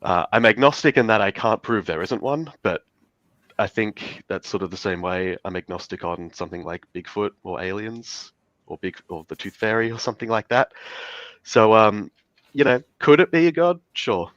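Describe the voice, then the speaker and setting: A man with a sick, nasal voice speaking in a halting way as a debate guest, with many fillers. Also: on the low side, fairly bright tone, no room sound. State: sick, stuffy. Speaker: debate participant. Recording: dull, dry lo-fi mic.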